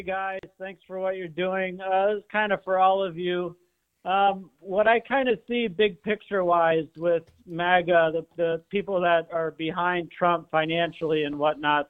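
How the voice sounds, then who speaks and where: A man's voice: high voice, clean tone. A man calling in to a radio show, making an earnest, rambling point. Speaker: caller. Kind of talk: call-in comment. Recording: phone line.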